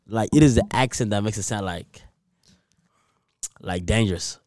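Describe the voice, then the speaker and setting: A man co-hosting a casual podcast, explaining his view in a low-key, rambling way. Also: a little fast, warm tone, dry recording, studio quality. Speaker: podcast co-host.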